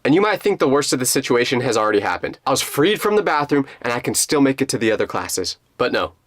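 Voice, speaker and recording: A young man in his twenties narrating a comedic personal story in a lively, jokey, dramatic way. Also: mid-range voice, no echo. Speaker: storytime channel host.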